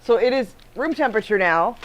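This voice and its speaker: A woman's voice: fairly high pitch, animated, a little fast. A woman hosting a casual baking livestream, chatting with her co-host, reading viewer comments aloud and laughing often.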